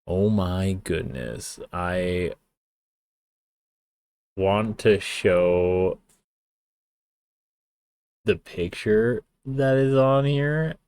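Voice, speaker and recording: A man's voice: deep voice, very slow, pauses often, darkish tone, clean tone, dry recording. A young man giving casual stream commentary, sarcastic and profane, wandering off into rambling asides. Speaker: streamer reacting to a song.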